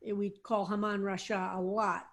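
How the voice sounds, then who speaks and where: A woman rabbi teaching a psalm class over a video call, explaining slowly with many fillers and restarts. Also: mid-range voice, little pitch movement.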